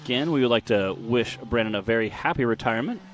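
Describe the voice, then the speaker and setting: A man's voice: mid-range voice, quick pace, a crowd in the background. A man giving casual live commentary on an off-road race, chatty and joking, with restarts and fillers.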